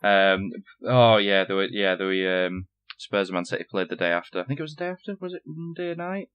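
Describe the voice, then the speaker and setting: A man's voice: low voice, lively intonation, brisk, smooth, muffled recording. A Northern English man co-hosting a gaming podcast, rambling and repeating himself with lots of fillers. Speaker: podcast co-host. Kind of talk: casual podcast chat.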